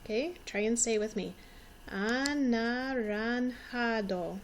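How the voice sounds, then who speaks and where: Here a forties-aged teacher speaks to young children in a fairly high, expressive voice, slowly and with slight background noise. Patient and encouraging, she says each word again so the children can echo her during this unhurried classroom lesson.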